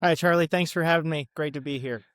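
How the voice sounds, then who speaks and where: A man's voice: on the high side, fast talker, dry recording, clean studio sound. A man in his twenties, a student guest on a podcast, answering in a friendly, easygoing way with lots of ums. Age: 20s. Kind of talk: casual interview.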